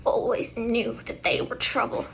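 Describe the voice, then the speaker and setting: A woman's voice: fairly high pitch, level tone, unhurried, a bit bright, slightly rough. A woman voicing a prim, disapproving old woman from an amateur comedy sketch, who talks in a prissy, scolding way.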